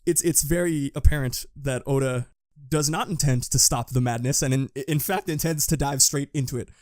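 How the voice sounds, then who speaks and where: A man co-hosting a casual fan podcast, excitable and quick to laugh. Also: medium pitch, dry recording, studio quality. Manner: laughs often, excitable, loose. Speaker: podcast co-host.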